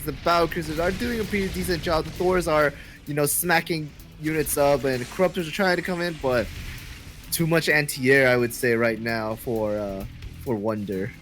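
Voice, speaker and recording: A man's voice: a little high, moderate pace, fairly bright tone, soft background music, low-quality recording. A man commentating a live esports match with joking, playful banter. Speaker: esports caster.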